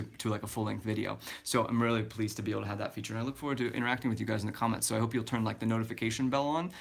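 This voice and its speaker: A man's voice: on the low side, vocal fry. Rambling young man vlogging live. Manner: rambling, many fillers and restarts, chatty. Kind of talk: casual livestream chat.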